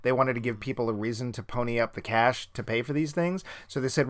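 A man's voice: medium pitch, a little fast, few pauses. Chatty man from Boston. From Boston area. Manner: chatty, digressive, frequent ums. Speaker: podcast co-host. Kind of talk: casual film review chat.

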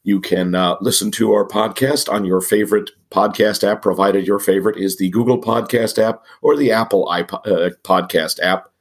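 A man with a cold and a raspy, gravelly voice, co-hosting a casual podcast with wry, self-mocking asides. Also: fairly low pitch, fairly even intonation, moderate pace, hardly any pauses. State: has a cold. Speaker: podcast co-host.

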